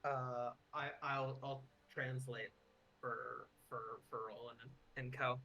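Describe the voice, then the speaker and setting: A man's voice: medium pitch, level tone, takes it slowly, pushed and bright, muffled recording, slight background noise. A man playing a tabletop game, speaking hesitantly and stammering over his words. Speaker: player.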